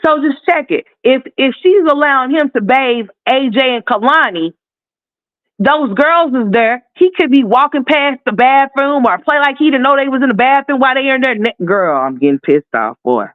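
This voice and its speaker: A man with a notably high voice delivers fiery, profane, sassy commentary. The sound is thin and phone-like, with no room at all around it. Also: lively intonation, normal speed, no room sound. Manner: heated, profane, sassy ranting. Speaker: commentary host. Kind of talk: ranting commentary. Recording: tinny phone-like dry sound.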